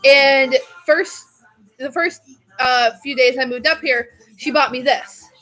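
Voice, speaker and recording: High-voiced chatty young woman. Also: fairly even intonation, takes it slowly, fairly bright tone, soft background music, low-quality recording. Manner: chatty, gushing, laughs often. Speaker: vlogger. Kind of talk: casual chat.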